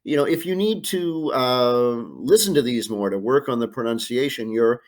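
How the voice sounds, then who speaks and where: A man's voice: medium pitch, normal speed. An American man, a Spanish teacher, talking students through a worksheet in a screencast lesson, with lots of uh fillers and Spanish phrases read aloud. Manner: plain explaining pace with frequent uh fillers, drops into Spanish phrases. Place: home or classroom with art prints behind him.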